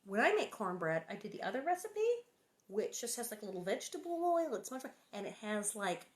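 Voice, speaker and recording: Woman reading a kids' book out loud, chatty and playful, keeps answering the chat. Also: mid-range voice, big pitch swings, a little fast. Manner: chatty, playful, reacts to viewer comments. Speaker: reader hosting a book reading stream. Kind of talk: reading a children's novel aloud with chatty asides.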